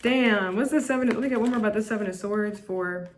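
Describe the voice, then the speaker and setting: A woman reading tarot cards in a loose, rambling way, circling back on her words and sprinkling in fillers. She turns blunt and judgmental about the people in the cards. A faint hiss sits under her mid-pitched voice. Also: fast talker. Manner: chatty, repetitive, with frequent restarts and "like". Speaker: tarot reader. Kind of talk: casual tarot reading to camera.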